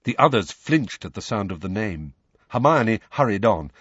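Husky, lowish male audiobook narrator; lively inflection, dry studio recording. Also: dry recording, dull audio. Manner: measured storytelling, lively inflection. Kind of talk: scripted narration.

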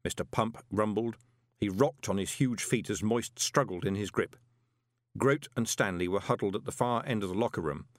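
A man narrating an audiobook in an expressive way. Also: fairly low pitch, moderate pace, dry recording. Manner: expressive, many voices. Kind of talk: scripted narration.

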